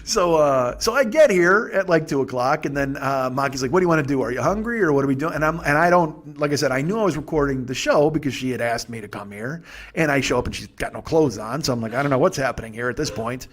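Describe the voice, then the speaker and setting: A man's voice: medium pitch, a little fast, fairly bright tone. A man hosting a podcast, telling a rambling, profane comic story with lots of stammering restarts. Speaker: podcast host.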